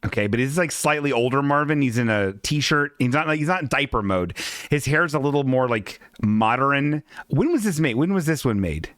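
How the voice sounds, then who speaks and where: Podcast host, man, casual and halting, swears in asides, lively intonation. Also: medium pitch, no echo, studio quality. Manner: rambling, halting with many restarts and swearing asides. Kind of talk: casual livestream chat, reading a comic aloud.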